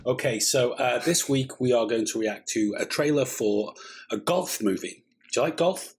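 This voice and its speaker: A man's voice: mid-range voice, normal speed, slight background noise. A man co-hosting a film reaction chat, talking in a jokey, rambling way. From Britain. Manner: chatty, jokey, rambling asides. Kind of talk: casual chat.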